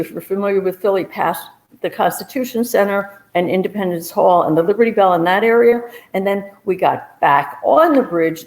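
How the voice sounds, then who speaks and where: Woman telling a lively personal story. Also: mid-range voice, poor audio. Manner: lively storytelling, acts out quotes. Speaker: private detective and storyteller.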